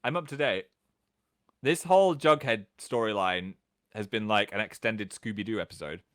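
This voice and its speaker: A British man in his thirties hosting a casual livestream from home, chatting and reading out viewer comments in an animated way. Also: no echo, clean studio sound. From England. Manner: chatty, animated, quick jumps in pitch. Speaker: livestream host.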